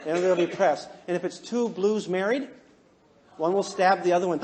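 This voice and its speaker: A man counseling and teaching a live class in a joking, animated way, often asking the audience questions. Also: sits high, normal speed, noisy background. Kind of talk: humorous lecture to a live class.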